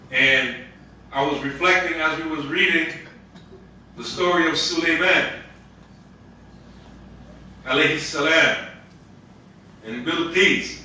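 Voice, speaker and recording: Male imam, casual storytelling sermon with slang; bright, high voice, roomy hall. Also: far from the mic, a little hiss or hum. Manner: storytelling, conversational with street slang. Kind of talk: Ramadan sermon.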